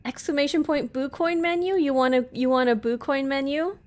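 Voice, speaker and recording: Speaking quickly in a high voice, this woman streams a game live and voices its dialogue. Between lines she drops chatty asides to her viewers, all into a desk mic, in typical let's play commentary.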